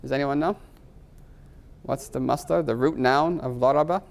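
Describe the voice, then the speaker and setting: A male teacher lecturing a class on grammar, quizzing the students often and slowing down to spell out foreign terms. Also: medium pitch, vocal fry. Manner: quizzes students with frequent rhetorical "right?"; slows to spell out Arabic terms.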